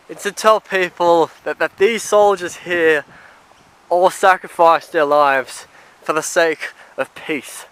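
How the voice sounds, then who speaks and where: A man gives a walking-tour commentary outdoors at a cemetery. He talks very slowly in a fairly high, crisp voice, pausing and filling gaps as he reads one inscription after another. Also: fairly bright tone. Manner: reads out grave inscriptions haltingly, with many pauses and fillers. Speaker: travel vlogger.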